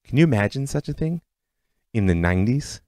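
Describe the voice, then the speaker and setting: A man's voice: mid-range voice, fairly quick, dry recording. A man hosting a podcast, narrating history in a scripted, storytelling way. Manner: storytelling, lively delivery. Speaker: podcast host.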